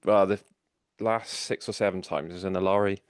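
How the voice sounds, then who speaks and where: A man's voice: deep voice, fairly even intonation, brisk, smooth, no room sound, studio quality. A man, co-hosting a podcast in chatty casual conversation. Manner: chatty, sharing researched facts. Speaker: podcast co-host. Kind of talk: casual chat.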